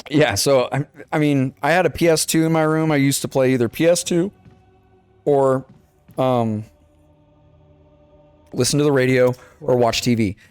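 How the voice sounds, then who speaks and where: A young male podcast co-host casually tells a childhood story, swearing freely and acting out the dialogue in an animated retelling. His voice is mid-range, clear, and resonant at a moderate pace, with no echo and soft background music.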